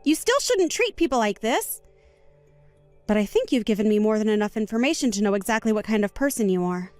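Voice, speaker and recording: A woman voicing a calm, composed young woman wronged at a wedding, speaking in a measured, firm way in a voiced story drama. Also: fairly high pitch, no echo, soft background music, natural voice.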